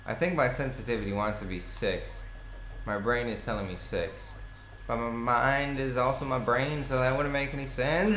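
A young man giving excitable gameplay commentary, swearing and yelling at the game. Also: medium pitch, moderate pace. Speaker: gaming commentator. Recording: echoey room with faint noise.

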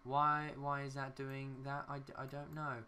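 A man's voice: mid-range voice, completely flat delivery, normal speed, bright, forceful tone, slight background noise. A young man giving casual, rambling commentary while building in a city game, talking to himself and swearing mildly at glitches. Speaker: gaming YouTuber.

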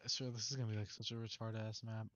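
A man's voice: fairly low pitch, level tone, racing, fairly bright tone, slight background noise. Crude young gamer guy on muffled mic. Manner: blunt, crude and swearing. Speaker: co-player on stream. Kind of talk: casual gaming chat.

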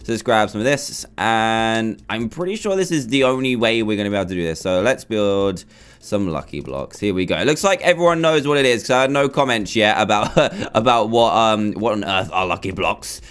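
A man's voice: on the low side, animated, fairly quick, fairly bright tone, clear, resonant tone. A young man commentating his own gameplay, chatty and flustered as he talks himself through a build. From England. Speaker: gaming YouTuber.

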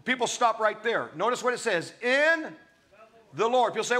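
A man's voice: high-pitched, big pitch swings, moderate pace, sharp tone. A man preaching a sermon, reading scripture aloud and breaking off into emphatic, conversational asides to his listeners.

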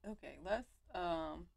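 A young woman giving animated, slangy commentary while playing a life-sim game on her home mic. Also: lowish voice, vocal fry. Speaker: gaming YouTuber. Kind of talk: let's play commentary.

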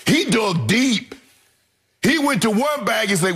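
A man with a raspy, high-sitting voice argues his case on a sports debate show. His pitch leaps up and down as he stresses and repeats his points with heat. He sounds middle-aged and fired up. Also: animated, normal speed, fairly bright tone. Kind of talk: heated opinion commentary.

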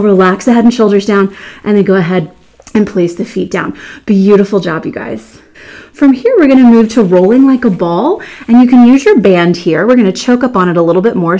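A woman teaching a Pilates mat class, calmly cueing breaths and counts and praising often. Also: mid-range voice. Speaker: Pilates instructor. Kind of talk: guided exercise class instruction.

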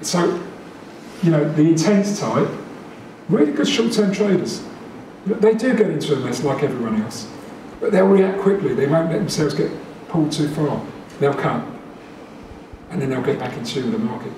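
A man gives a chatty, lively talk to a meeting room, his voice carrying through a very echoey space. He is caught from a distance, with clear background noise underneath. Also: fairly high pitch, normal speed. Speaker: presenter.

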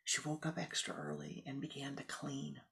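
A woman spiritual teacher telling a parable in a dharma talk, animated and dropping often into hushed whispered asides. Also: very deep voice, moderate pace, vocal fry, low-quality recording.

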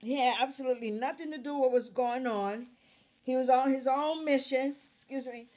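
A woman reading scripture aloud verse by verse, calling out verse numbers and restating each passage in plain words, with pauses where she coughs. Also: high voice, darkish tone. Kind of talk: Bible reading with commentary.

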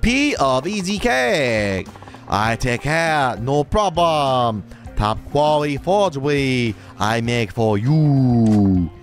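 A man's voice: mid-range voice, very animated, slow, soft background music. A man voicing a nervous middle-aged male forger with a thick put-on foreign accent and broken grammar. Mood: eager salesman.

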